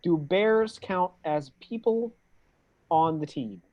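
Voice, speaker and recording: A playful, excitable player in a tabletop game, talking casually about what their character does. The sound is a little dull and lo-fi. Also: medium pitch, slow.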